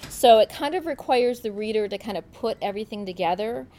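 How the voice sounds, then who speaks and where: A book club presenter gives a casual, chatty book talk that includes a read-aloud passage, hesitating with many fillers and restarts. Her medium-pitched voice has lively intonation and a dark tone, moving a little fast.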